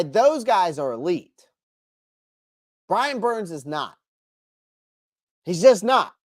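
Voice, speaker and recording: A man with a high voice hosts a casual live stream, recorded dry and clean in a studio. He answers chat by name, voices strong opinions, and often restarts his sentences.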